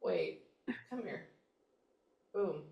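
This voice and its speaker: A woman from Houston giving a psychic reading, chatty and animated, often pausing mid-thought to listen. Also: deep voice, muffled recording, slight background noise. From Houston, Texas. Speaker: psychic medium. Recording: roomy, distant mic.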